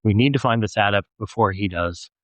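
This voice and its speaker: A man reading an audiobook, voicing a driven, bossy young woman who talks in a brisk, pushy way. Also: fairly low pitch, a bit bright, no room sound, lightly acted. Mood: heated.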